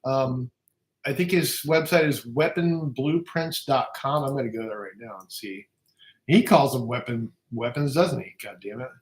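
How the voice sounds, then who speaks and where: A man's voice: mid-range voice, moderate pace. A man chatting casually on a livestream as a guest, profane, rambling and joking as he reads comments. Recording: echoey room.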